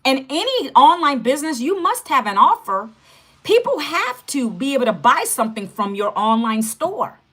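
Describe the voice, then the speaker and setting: A woman in her fifties hosts a livestream in a casual, direct way. Her voice sits a little high, and she keeps checking in with her viewers. Her talk is loose and chatty. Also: very animated, moderate pace, a bit bright. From United States. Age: 50s. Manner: chatty, direct, repeats "okay" and "guys". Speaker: livestream host.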